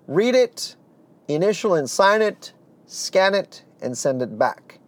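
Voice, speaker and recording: A man voicing a calm, insistent woman who runs a school and speaks in a matter-of-fact, unshakably sure way. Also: high-pitched, slow, pitched above the performer's own voice, full character voice. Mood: firm.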